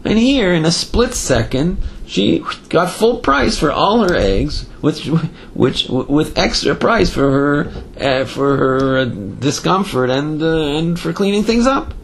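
Male Torah teacher, storytelling class, lively and gravelly, slight background noise. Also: fairly high pitch, slow pace, few pauses. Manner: animated storyteller with Yiddish and Hebrew terms, frequent fillers.

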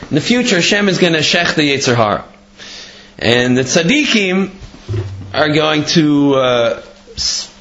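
A man with a high, lively voice gives a Torah class in a sing-song study-hall cadence, swinging his pitch up and down as he explains. The recording is echoey and dull, like a lo-fi room capture. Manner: animated, sing-song study-hall delivery, frequent Hebrew terms. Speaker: Torah teacher. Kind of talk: Torah class on Gemara and Midrash.

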